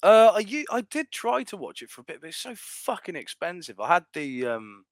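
A man's voice: high voice, very animated, fairly quick, dry recording, clean studio sound. A man co-hosting a casual chat over a laptop video call, swearing freely and telling stories with animation. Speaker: podcast co-host.

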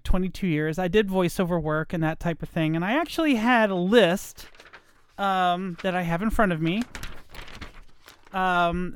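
A woman's voice: on the low side, smooth. A middle-aged woman from Virginia hosting a podcast, chatting casually in a self-deprecating, rambling way. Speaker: podcast host, former radio voiceover artist. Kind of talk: casual chat.

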